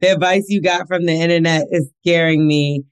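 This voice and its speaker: A woman's voice: fairly low pitch, fairly even intonation, fairly quick, smooth. A woman co-hosting a podcast, teasing her co-host in casual chat and laughing easily.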